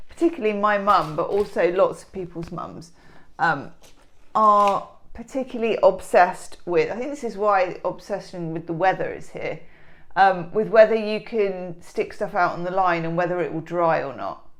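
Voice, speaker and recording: A woman's voice: on the low side, moderate pace. A middle-aged woman, rambling and joking with herself through a daily tarot reading in her home kitchen. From England. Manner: rambling, self-mocking, giggly asides. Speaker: tarot reader.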